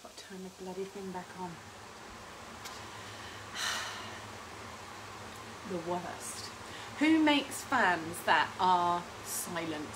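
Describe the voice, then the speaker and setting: A woman's voice: fairly low pitch, lively intonation, very slow, pauses often, very noisy. A woman, hosting a casual home cooking stream, chatting and rambling with frequent laughs while reading out viewer comments. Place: home kitchen.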